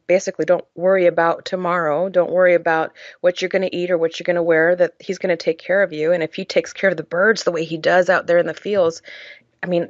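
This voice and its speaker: A charity founder, appearing as a woman guest on a podcast, earnestly and emotionally tells her personal story, with frequent "uh" fillers. Her voice is fairly low, and the recording is muffled with no echo.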